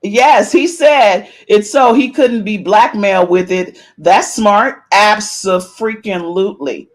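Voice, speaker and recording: A middle-aged woman hosting a podcast, giving chatty, animated celebrity gossip commentary and playfully meowing her catchphrase. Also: mid-range voice, slow pace. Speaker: podcast host.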